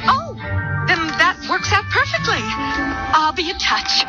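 A woman's voice: very high-pitched, big pitch swings, measured pace, loud music behind the voice, full character voice, rough recording. A woman voicing a nervous drama teacher who stammers and trails off, in an audio drama. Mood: flustered.

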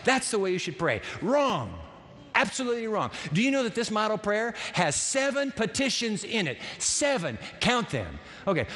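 A male pastor preaching through a Bible passage, telling it as a lively story with asides to the congregation. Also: high-pitched, a little fast. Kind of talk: sermon. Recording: long hall reverb.

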